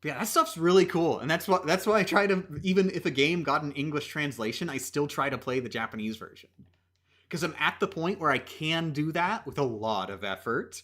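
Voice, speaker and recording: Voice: mid-range voice, expressive, brisk, fairly bright tone. A livestreamer chatting casually during a game stream, rambling with lots of fillers and emphatic restarts.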